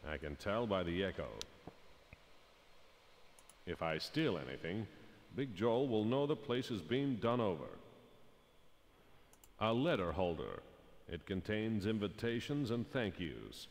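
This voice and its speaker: An actor playing a wisecracking male private eye who narrates in a dry, deadpan hard-boiled style. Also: fairly low pitch, measured pace, pauses often, big-room sound. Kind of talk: 1990s hard-boiled detective voice-over.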